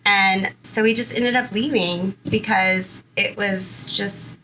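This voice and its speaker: A woman's voice: medium pitch, steady tone, slow pace, sharp tone, slight background noise, rough recording. A woman in her thirties from Southern California, a guest in an interview, telling her own story in a chatty way full of "like" and "you know".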